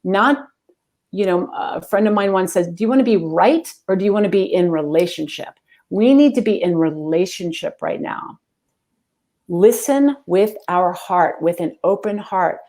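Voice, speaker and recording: A woman executive coach speaks as an interview guest in a mid-range voice. She talks quickly and earnestly, with a spiritual, heartfelt manner. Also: mid-range voice, animated, a little mellow. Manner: earnest, fast-talking, spiritual. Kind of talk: interview answers.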